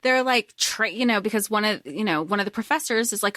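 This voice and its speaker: Chatty woman co-host with a bright voice. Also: mid-range voice, fairly quick, hardly any pauses, no room sound, studio quality. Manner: chatty, lots of fillers, laughs often. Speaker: podcast co-host. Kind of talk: casual book discussion.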